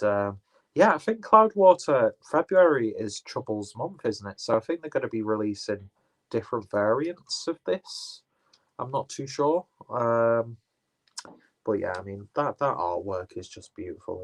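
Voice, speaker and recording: A man chatting casually through an unboxing, rambling, swearing and correcting himself as he goes. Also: mid-range voice. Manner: rambling, profane, self-correcting. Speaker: beer reviewer.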